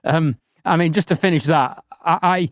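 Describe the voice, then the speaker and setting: A man co-hosting a podcast in casual chat, giving measured advice. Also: a little high, no echo, clean studio sound. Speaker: podcast co-host.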